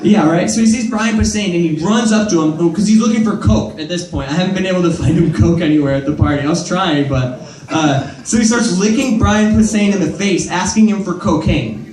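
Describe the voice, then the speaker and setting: A man's voice: high voice, fairly quick, darkish tone, echoey room, distant mic, low-quality recording. A young man doing stand-up in a comedy club, telling a rambling, profane story full of fillers.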